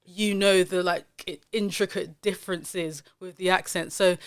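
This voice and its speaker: A woman hosting a podcast, her voice smooth and clean, pitched a little low for a woman. She talks in an emphatic, opinionated way, with a lot of "like" and "um" along the way. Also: fairly even intonation, measured pace. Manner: opinionated, emphatic, lots of fillers. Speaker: podcast host. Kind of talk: casual chat.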